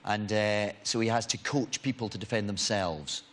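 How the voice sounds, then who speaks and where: A man's voice: on the low side, normal speed, a bit bright. A man with a Scottish accent, an actor guest on a chat show, talking in a self-deprecating, hesitant way. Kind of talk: casual chat show talk.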